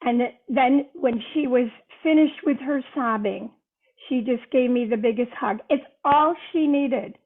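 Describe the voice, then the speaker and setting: Older woman with a fairly high voice, speaking earnestly as a podcast guest. Her voice comes through a thin, phone-like line that has lost its lows and highs. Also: a little slow. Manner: earnest storytelling. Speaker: guest author. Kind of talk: podcast conversation. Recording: tinny phone-line sound.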